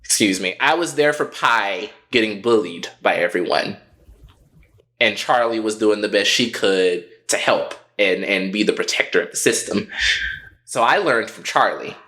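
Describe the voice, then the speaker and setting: A man co-hosting a podcast, telling a story in a casual, profane and animated way. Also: on the low side, moderate pace. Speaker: podcast co-host.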